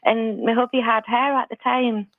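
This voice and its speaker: Woman, middle-aged, hesitant confessional caller, slightly high voice, dry close sound. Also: steady tone, moderate pace, no echo, narrow, tinny audio. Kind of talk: telling a story on a phone-in.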